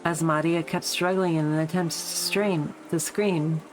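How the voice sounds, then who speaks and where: A young woman with a slightly low voice reads a visual novel aloud for her stream. She drops into blunt, swearing asides between passages. Music and rain play steadily behind her. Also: fairly even intonation, measured pace, rough recording. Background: background music and rain.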